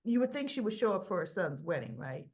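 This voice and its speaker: A woman's voice: mid-range voice, big pitch swings, brisk, a little mellow. A woman recapping a soap opera in a casual, chatty way, acting out the characters' lines and laughing often. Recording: dull lo-fi sound.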